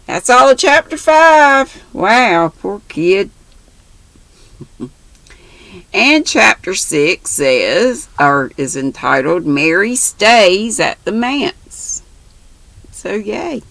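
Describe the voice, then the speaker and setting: An older woman hosting a crafting channel, reading a novel aloud with unhurried pacing and chatty asides. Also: mid-range voice, sing-song, vocal fry, fairly bright tone, no echo, rough recording.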